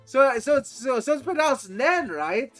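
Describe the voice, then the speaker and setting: A male streamer commenting live on a game, excitable and swearing, with sudden loud outbursts. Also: very high voice, measured pace, faint music behind.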